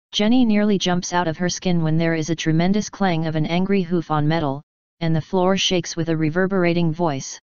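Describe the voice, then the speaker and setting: Woman, story reader, steady narration, lowish voice, slightly dull lo-fi recording. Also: brisk, smooth, no room sound. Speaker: fanfiction reader.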